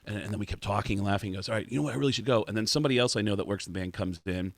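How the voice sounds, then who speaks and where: A man with a fairly low voice spins backstage anecdotes as a guest on a radio show. He acts out the back-and-forth of each exchange, and the sound is close and dry. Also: racing, vocal fry, no echo. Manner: animated anecdote teller, acts out dialogue. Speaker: comedian guest. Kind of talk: casual studio chat. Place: radio studio.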